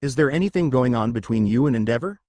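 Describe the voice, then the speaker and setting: An idealistic young male hero student who speaks earnestly, read out by a man. His pitch stays lively, and the recording is dry and close. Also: fast talker, no room sound, close to an everyday voice.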